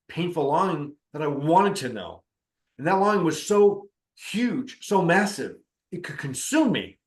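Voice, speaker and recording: A middle-aged man with a slightly high voice tells a story about spiritual practice in a relaxed, conversational way. He drifts into the voices of the people in his story as he goes. The recording has a noticeable roomy echo. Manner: conversational, acts out quoted dialogue. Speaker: spiritual teacher and counselor.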